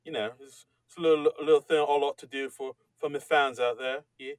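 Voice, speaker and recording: A man's voice: medium pitch, steady tone, a little fast, no echo. A man co-hosting a comedy podcast in casual chat, rambling and self-mocking with many restarts. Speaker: podcast co-host.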